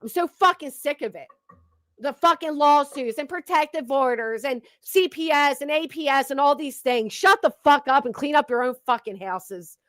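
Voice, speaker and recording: A woman's voice: high-pitched, lively intonation, normal speed, a bit bright, no echo. A woman hosting reaction commentary, cursing and ranting with sarcasm. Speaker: commentary channel host.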